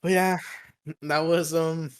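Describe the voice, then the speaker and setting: A young man spins a long, rambling anecdote on a casual podcast, cursing freely and laughing at his own story. His voice sits on the high side for a man. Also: level tone, a little slow, clean tone. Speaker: podcast co-host.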